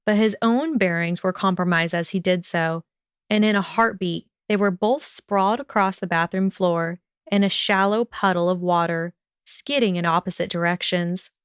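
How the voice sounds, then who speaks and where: Woman, audiobook narrator, steady delivery, smooth clear voice, dry close sound. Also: lowish voice, normal speed, no echo. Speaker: podcast narrator.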